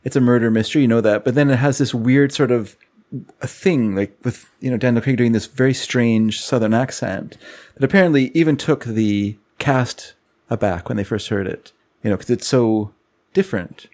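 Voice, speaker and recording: A man's voice: medium pitch, a little mellow. A man co-hosting a podcast in casual chat, easygoing and agreeable. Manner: easygoing, agreeable, quick to laugh. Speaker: podcast co-host.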